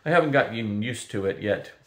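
A man's voice: fairly low pitch, expressive, fairly quick, close to an everyday voice. An older man voicing a polite, bashful young prince turned to stone, earnest and a bit hesitant. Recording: roomy echo.

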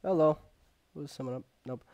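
A man's voice: on the high side, moderate pace, highs cut off. Young man rambling over a shooter game. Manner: rambling, filler-heavy, jokey, bursts of excited yelling. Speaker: gamer. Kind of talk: casual gameplay commentary.

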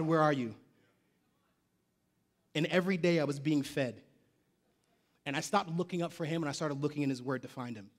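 A male pastor preaching a lively sermon in a church, shouting call-and-response lines and dropping slangy jokes and asides. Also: fairly high pitch. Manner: casual slangy asides and joking. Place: church sanctuary.

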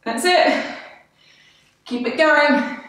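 Breathless, cheery fitness instructor. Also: female voice, high voice, extremely slow, fairly bright tone. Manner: cheerful, encouraging, bubbly, with breathy whoops between cues. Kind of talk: live workout coaching. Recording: echoey room, voice from a distance.

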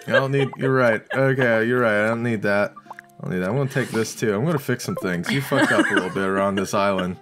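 A man co-hosting a game let's play, joking in a gruff, mock-grumpy way and swearing a lot. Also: fairly low pitch, fast, a bit bright, faint music behind. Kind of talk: casual gameplay commentary.

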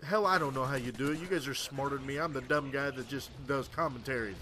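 A man's voice: medium pitch, fast talker, pushed and bright, a little hiss or hum. A tired man doing casual game commentary, rambling crudely and stammering through restarts. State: tired late at night. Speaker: gameplay commentator.

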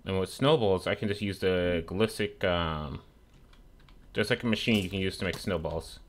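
Profane low-voiced man streaming a game. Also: moderate pace, a little hiss or hum. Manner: profane, trash-talks game mobs. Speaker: gaming streamer. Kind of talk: casual gameplay commentary.

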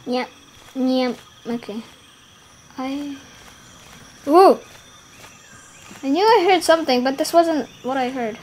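A woman giving casual gameplay commentary, giggling and rambling, trailing off mid-sentence and bursting into excited shouts. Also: high voice, slow pace, long pauses, slight background noise. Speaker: gaming YouTuber.

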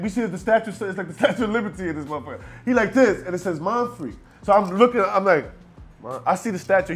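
A Brooklyn man with a slightly high voice tells a long story in a loose, animated way and slips into the voices of the people in it. He keeps checking in with "you know what I'm saying". Faint music plays under him. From Brooklyn, New York. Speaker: rapper guest. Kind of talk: storytelling in a casual interview.

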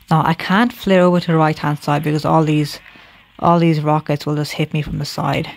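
A man commentating a video game live, his voice gravelly with fry. He speaks in a fairly flat, even tone while thinking aloud and correcting himself as he plays. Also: on the high side. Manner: thinks aloud, self-correcting, addresses viewers as guys. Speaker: gameplay commentator.

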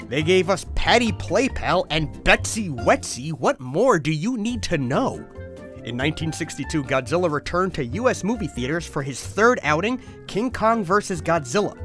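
A man's voice: on the high side, fairly bright tone. A man hosting a comedic toy history show, jokey and exasperated, his voice cracking upward when flustered. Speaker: host.

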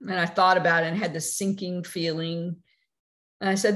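A middle-aged woman tells a story from her own life to an audience, in a fairly low voice. She talks animatedly, with plenty of "um" and "like", and sometimes acts out the people in her story. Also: moderate pace. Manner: animated storyteller with frequent fillers, acting out quoted voices. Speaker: speaker telling a personal story. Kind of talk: motivational storytelling talk.

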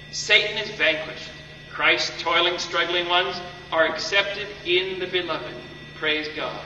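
A man with a fairly high, very bright voice preaches with fervent, dramatic force, often repeating himself for emphasis. He is recorded from far off in a long-reverb hall. The sound is dull, with a faint hum underneath. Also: a little slow. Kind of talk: sermon.

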